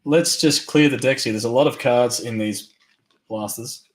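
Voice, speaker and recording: A man hosting a live trading card break, rattling off names quickly and upbeat, his voice going hoarse. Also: medium pitch, slight background noise. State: losing his voice.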